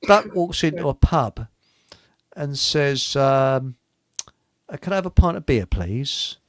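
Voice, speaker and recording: A man's voice: medium pitch, expressive, slow pace, dry recording, clean studio sound. A man hosting a radio talk show, chatting casually and telling rambling pub jokes with chuckles and stumbles. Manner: chuckling, rambling joke-teller who stumbles over lines.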